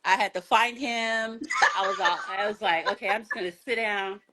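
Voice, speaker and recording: A woman's voice: medium pitch, moderate pace, very noisy. A woman from Memphis, a guest telling a story in a casual interview and acting out what people said. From Memphis, Tennessee. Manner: animated, acts out quotes, laughs often.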